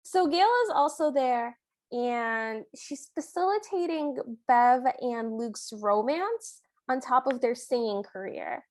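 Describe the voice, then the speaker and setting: A woman co-hosting a podcast, retelling a movie in animated casual chat and briefly acting out what the characters say. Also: fairly high pitch, slow, dry recording. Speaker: podcast co-host.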